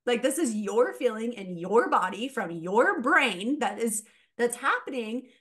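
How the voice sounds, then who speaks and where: Woman mindset coach on a podcast, kinda high voice, lively, laughs a lot. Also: measured pace. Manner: animated, laughs often, acts out quoted voices. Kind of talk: casual podcast conversation.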